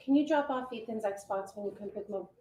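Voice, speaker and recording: A woman's voice: mid-range voice, quick pace, warm tone, natural voice. A woman playing a curt, sarcastic divorced mother in acted drama dialogue. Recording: roomy with faint noise.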